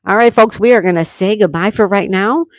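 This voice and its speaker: A woman's voice: mid-range voice, a little fast, dry recording, studio quality. Chatty woman hosting a live stream. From United States. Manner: chatty, upbeat, reads viewer comments aloud. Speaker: livestream host. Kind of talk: casual live-stream chat reading comments.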